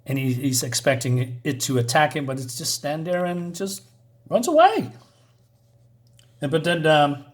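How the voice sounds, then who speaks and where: A man's voice: on the high side, animated, measured pace, long pauses. A man reviewing a comic book in a chatty, casual way, with many fillers and asides.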